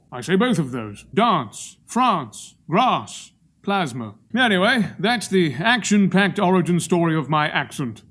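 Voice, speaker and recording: A man's voice: sits high, fairly bright tone. A man from Australia talking to camera in a verbose, pontificating, projected manner with wry humor. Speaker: vlogger. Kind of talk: monologue to camera.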